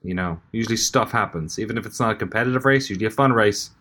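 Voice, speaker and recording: A low-pitched Irish man co-hosting a podcast, talking loosely and swearing through comic rants. His delivery rambles, with plenty of restarts as he builds a gripe. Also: fast, a bit bright. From Ireland. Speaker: podcast co-host. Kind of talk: casual chat.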